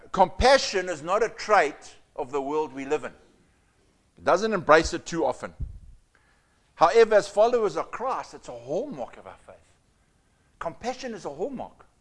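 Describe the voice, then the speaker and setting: A man preaching a sermon, moving from loud emphatic lines to hushed, almost whispered asides. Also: a little high. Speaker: pastor.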